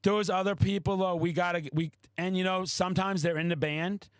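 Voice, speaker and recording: A man hosting a podcast, a loud, excitable storyteller who swears often in casual chat. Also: high-pitched, fairly quick, smooth, no echo. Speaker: podcast host.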